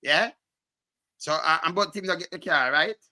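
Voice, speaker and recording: A man with a Jamaican accent reading through documents and commenting, animated and emphatic in patois. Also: on the high side, moderate pace. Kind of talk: casual chat.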